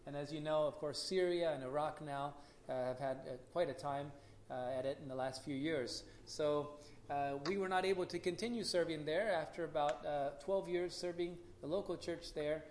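A man in his forties, a missionary speaking to a church congregation, relaxed and unhurried with many "uh" pauses, and leading a short prayer. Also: fairly high pitch, slight background noise. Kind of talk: casual church talk with a prayer.

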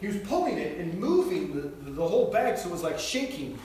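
High-voiced American preacher in an echoey hall. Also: male voice, fairly quick, few pauses, distant mic, a little hiss or hum. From United States. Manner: animated storyteller, shouts when acting out quotes. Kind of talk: sermon with personal story.

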